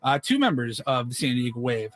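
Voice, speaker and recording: A man hosting a sports radio show, running through news items in a relaxed way with frequent fillers. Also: medium pitch, brisk. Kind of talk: casual sports radio chat.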